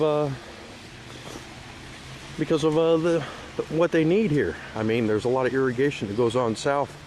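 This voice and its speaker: A man's voice: mid-range voice, a little mellow, slight background noise. Rambling man vlogging outdoors. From Washington State, USA. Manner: rambling with many restarts and fillers, emphatic when scolding. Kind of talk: casual outdoor vlog ramble. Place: outdoors at a lakeside park.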